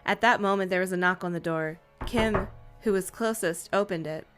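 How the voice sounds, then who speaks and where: A woman reading a novel aloud on a podcast in a plain, steady way. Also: mid-range voice, moderate pace, music in the background. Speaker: podcast co-reader.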